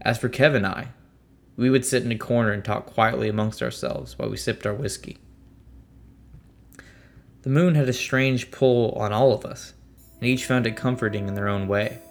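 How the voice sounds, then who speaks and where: A man narrating a first-person story in a steady, measured way. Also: mid-range voice, vocal fry. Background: faint music.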